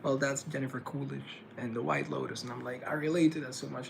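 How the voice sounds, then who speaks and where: A man's voice: medium pitch, steady tone, quick pace, creaky, few pauses. Man live-streaming, casual chat, self-deprecating, playfully sarcastic, noisy background hiss.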